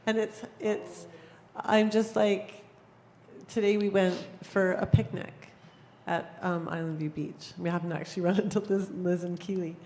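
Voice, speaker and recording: A woman's voice: fairly low pitch, steady tone, unhurried, warm tone. A woman speaking up from the congregation, sharing a personal story with emotion, hesitating often. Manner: emotional, hesitant, many fillers. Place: church hall. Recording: long hall reverb with faint background noise.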